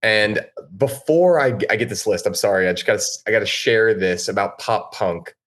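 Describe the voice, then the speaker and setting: A man guesting on a podcast, his voice on the lower side. He talks eagerly and chattily, often speeding up when he gets going. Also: expressive, fairly bright tone. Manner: eager, chatty, quick bursts. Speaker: podcast guest, band frontman. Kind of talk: casual podcast chat.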